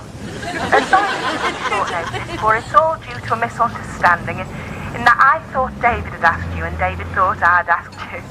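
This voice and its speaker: An actress playing a snobbish suburban housewife who is easily flustered, huffy in private and sweetly polite on the phone, in studio sitcom style. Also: female voice, a little high, natural voice. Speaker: sitcom character, hostess planning a dinner party. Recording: studio audience laughter, background noise.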